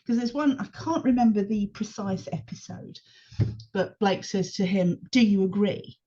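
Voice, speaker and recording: A woman speaking as a podcast guest in casual chat, engaged and animated as she retells scenes. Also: mid-range voice, normal speed. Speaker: podcast guest, longtime fan. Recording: dull lo-fi podcast audio.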